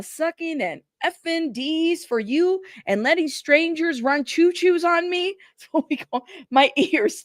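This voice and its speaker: A woman's voice: on the high side, dry recording, studio quality. Sassy woman reading court transcripts aloud. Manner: sassy, chatty asides between readings. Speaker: news channel host.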